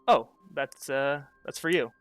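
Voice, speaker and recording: A man's voice: medium pitch, a little slow, dry recording, faint music behind, natural voice. A man voicing a poised female council official with a teasing, pointed manner. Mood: sheepish.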